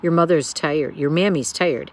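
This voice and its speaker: Affectionate easygoing dad, read by a woman, gentle, storybook voice. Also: low-pitched, normal speed, natural voice. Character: easygoing father, man. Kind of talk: storybook reading.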